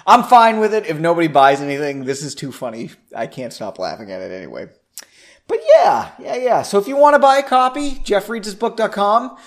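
A man's voice: a little high, expressive, fairly quick. Rambling self-mocking male podcast host. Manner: self-deprecating, rambling, laughs at himself. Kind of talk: casual solo podcast chat. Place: home basement.

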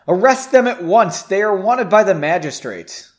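A man voicing a spiteful, gloating male mage who plays the villain, with a lively, rather high voice. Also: measured pace. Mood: commanding.

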